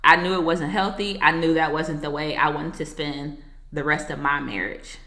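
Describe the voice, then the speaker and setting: A woman's voice: deep voice, steady tone, normal speed, bright, forceful tone. A woman who is a marriage coach and author, a guest telling her personal story in a casual interview, earnest and reflective, with casual asides to the host. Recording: echoey room.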